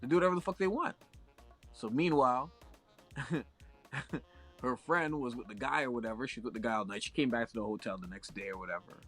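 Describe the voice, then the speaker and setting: A man's voice: medium pitch, brisk, long pauses, a bit bright, soft background music. A young Canadian man telling a long story in a casual chat, profane and full of slang.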